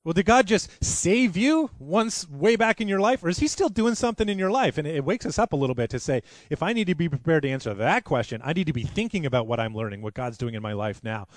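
A man's voice: fairly high pitch, sing-song, quick pace, hardly any pauses, dry recording. A man preaching a sermon as pastor, earnest and conversational, with frequent restarts.

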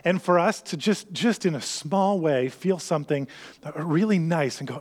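Male pastor preaching, somewhat high voice, earnest delivery that sinks to quiet hush. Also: normal speed. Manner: earnest, drops to a soft hush on key lines. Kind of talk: sermon.

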